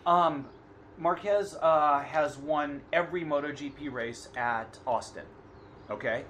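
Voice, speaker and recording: A man's voice: on the high side, slow pace, a bit bright, a little hiss or hum. A man co-hosting a podcast in casual chat, arguing his point and repeating himself, with jokey asides. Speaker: podcast co-host. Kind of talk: casual chat about motorcycle racing.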